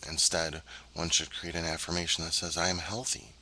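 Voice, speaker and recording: A man giving a spoken self-help lesson, earnest and measured, with frequent ums and uhs as he explains his points. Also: deep voice, little pitch movement, bright, forceful tone, poor audio. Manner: emphatic, addresses viewers directly.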